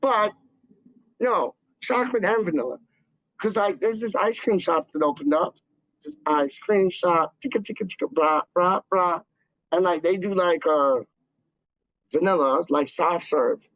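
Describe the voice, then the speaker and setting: This high-pitched, slightly bright voice takes its time as a fan channel host chats casually to camera. The talk is loose and slangy, heavy with "like" and "dog" fillers, and the recording is dry, dull, and lo-fi.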